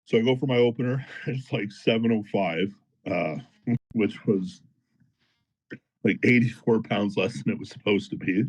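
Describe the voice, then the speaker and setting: Low-voiced profane powerlifter telling a story. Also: male voice, moderate pace, husky. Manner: animated, profane, fired-up retelling. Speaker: powerlifter guest. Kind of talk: casual podcast storytelling.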